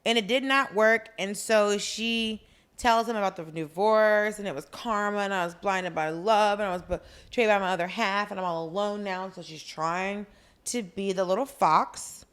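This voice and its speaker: A woman's voice: medium pitch, moderate pace, fairly bright tone, clear, resonant tone. A woman co-hosting a podcast, wisecracking bluntly with slang and swearing as she recaps a drama episode. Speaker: podcast co-host. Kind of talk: casual chat recapping a drama.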